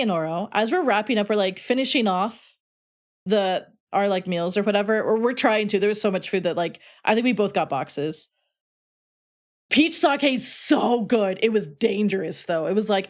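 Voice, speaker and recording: A young adult woman streamer telling a rambling story in a casual, chatty way. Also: mid-range voice. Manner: chatty, rambling, heavy "like" fillers. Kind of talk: casual storytelling while playing.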